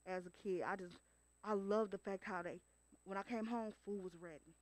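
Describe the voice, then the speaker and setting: A woman remembering her late father at a funeral, telling stories in a casual, lively way. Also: mid-range voice, normal speed, dry recording. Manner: casual, animated storytelling with laughs. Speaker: eulogy speaker, daughter of the deceased. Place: funeral home.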